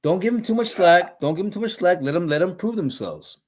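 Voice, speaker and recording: A man's voice: high-pitched, expressive, a little fast. A middle-aged man hosting a podcast, ranting bluntly and profanely in a casual monologue. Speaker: podcast host. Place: live podcast recording.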